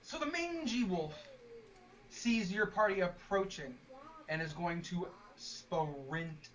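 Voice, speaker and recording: Relaxed game master, set back from the mic. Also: medium pitch, distant mic. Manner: relaxed, easygoing rulings with quick asides. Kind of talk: running a tabletop game.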